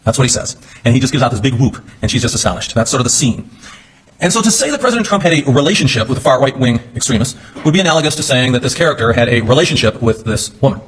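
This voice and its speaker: A man's voice: medium pitch, lively intonation, very fast, slightly rough. A man giving a courtroom closing argument as a defense attorney, talking conversationally with digressions and asides.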